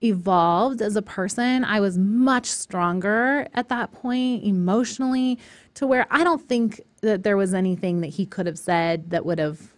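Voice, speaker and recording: Woman host, thirties, casual storyteller, mid pitch, dry close sound. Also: unhurried, dry recording. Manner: storytelling, animated quoting of others. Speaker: live show host. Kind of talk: casual talk show chat.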